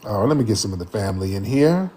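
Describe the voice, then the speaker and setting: A man's voice: lowish voice, sing-song, very fast, dark tone, husky. A man hosting a live-stream commentary show and taking callers, talking in an emphatic, repetitive, slang-heavy way.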